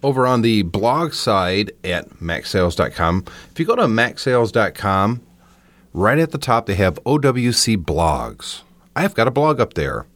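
A man's voice: lowish voice, very animated, unhurried, fairly bright tone, no echo. A man hosting a podcast, talking casually and giving his opinions, often restarting his sentences. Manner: chatty and opinionated, with frequent restarts. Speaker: podcast host. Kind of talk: casual solo podcast talk.

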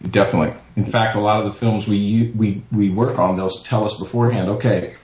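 A low-voiced voice actor, a guest in a casual interview chat, talks about his voice work a little fast. He's an animated storyteller who acts out what other people said, and the audio has a roomy echo.

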